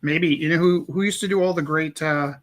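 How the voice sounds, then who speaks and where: A man's voice: a little high, steady tone, a little fast. A man chatting casually while making art on a live stream, musing aloud and poking fun at himself. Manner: musing, rambling, self-deprecating.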